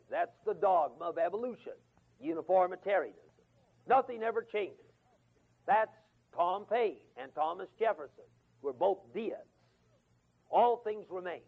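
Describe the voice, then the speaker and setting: Older man, folksy Bible teacher, husky, tinny warbly tape. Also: high voice. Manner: folksy storytelling, acts out quotes. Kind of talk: Bible lesson to a men's class.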